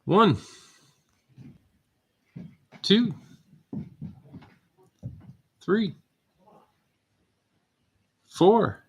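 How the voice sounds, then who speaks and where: Slow-talking man reading names on a live stream. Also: medium pitch, husky. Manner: steady list-reading, relaxed asides to viewers. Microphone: computer mic on a live stream.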